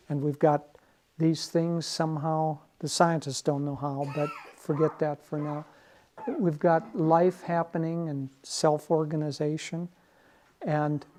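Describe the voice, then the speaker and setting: A man's voice: on the high side, darkish tone. A man as spiritual teacher giving a conversational, lightly humorous talk.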